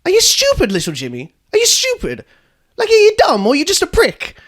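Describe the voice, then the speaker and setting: A man's voice: high-pitched, big pitch swings, normal speed. A man voicing a blind, foul-mouthed female bus tour guide in a comedic storytelling podcast. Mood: furious, insulting. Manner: swings from chirpy guide patter to furious swearing.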